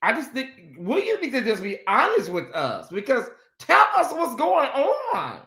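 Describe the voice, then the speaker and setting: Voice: high voice, wildly swooping pitch, measured pace, bright, forceful tone, echoey room. A livestream host doing sassy, dramatic chat commentary and talking straight to the viewers.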